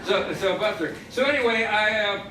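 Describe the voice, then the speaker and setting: A stage magician spins a wry, pun-filled story for a live audience. His voice sits high for a man and carries a playful, knowing edge. It is heard from a distance across an echoing theater, with a crowded house murmuring behind him. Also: moderate pace, crowd noise, background noise. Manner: punning, wry storyteller who plays to the audience. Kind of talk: comic storytelling patter during a magic act.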